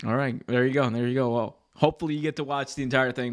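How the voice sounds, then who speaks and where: A man's voice: medium pitch, fairly even intonation, fast talker. A young man hosting a podcast, chatting casually and building hype with jokes and enthusiasm. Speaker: podcast host. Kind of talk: casual wrestling podcast chat.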